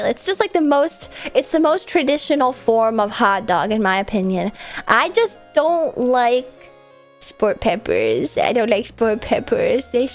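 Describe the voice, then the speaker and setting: Congested woman streaming, kinda high voice, rambles w lots of like and laughs. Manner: rambling, filler-heavy, frequent laughs. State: congested, stuffy nose. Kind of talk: casual stream chat.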